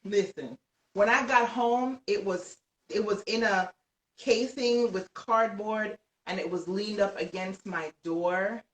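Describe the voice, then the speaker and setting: A woman author telling an excited story on a live stream, animated, often laughing and shouting as she tells it. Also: medium pitch, slow pace. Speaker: guest author. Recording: roomy, distant from the mic.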